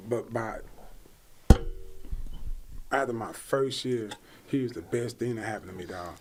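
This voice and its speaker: A man in his thirties, a podcast guest, telling a lively story in casual chat, acting out the voices of people in it and laughing often. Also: medium pitch, moderate pace, pauses often, slight background noise. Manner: animated storyteller, acts out quotes, laughs often. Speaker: podcast guest, former football player.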